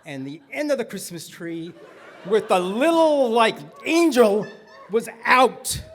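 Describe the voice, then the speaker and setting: A man from Texas telling a comic story on stage with an animated, exaggerated delivery. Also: high-pitched, slow pace, slight background noise.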